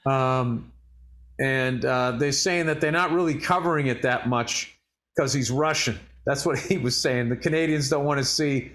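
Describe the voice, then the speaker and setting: A man's voice: medium pitch, moderate pace, a bit bright. A man co-hosting a casual podcast, chatting about sports trivia with plenty of fillers. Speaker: co-host.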